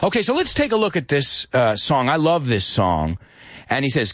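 A middle-aged man, teaching English in a lively bilingual lesson that mixes English and Spanish. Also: medium pitch, normal speed, no room sound, clean studio sound. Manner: animated, switches between English and Spanish, sings lyric snippets.

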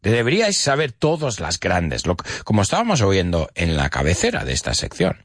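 A man hosting a casual radio show lesson, chatty and animated, explaining expressions and repeating key words. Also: deep voice, quick pace, dry recording, studio quality. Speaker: radio host and English teacher.

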